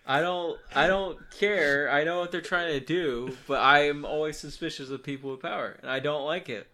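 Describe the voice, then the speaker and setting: Bright-voiced, dry contrarian man. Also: fairly high pitch, normal speed. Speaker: podcast co-host. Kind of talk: casual podcast chat.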